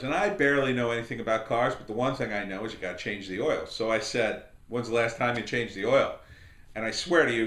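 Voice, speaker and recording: In an echoey room, a middle-aged man with a mid-range voice hosts a podcast and meanders through a lengthy story. His casual commentary wanders anecdotally, and he gives the quoted voices plenty of animation.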